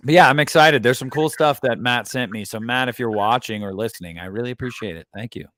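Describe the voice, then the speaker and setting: A man's voice: medium pitch, quick pace, fairly bright tone, no echo. A man hosting a livestream in casual chat, rambling with many fillers and restarts. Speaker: livestream host.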